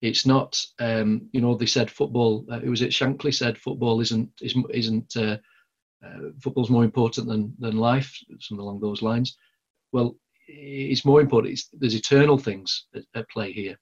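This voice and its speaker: A man's voice: medium pitch, steady tone, normal speed, breathy edge, muffled recording. A man with a Lancashire accent preaching a sermon in a conversational, rambling way, full of fillers and restarts. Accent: Lancashire English.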